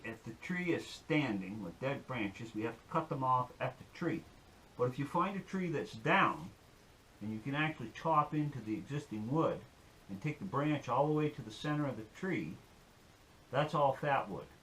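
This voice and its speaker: A man's voice: medium pitch, lively intonation, a little slow, pushed and bright, a little hiss or hum. A man giving a folksy, rambling demonstration and telling a joke on his channel. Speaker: outdoor-skills YouTuber.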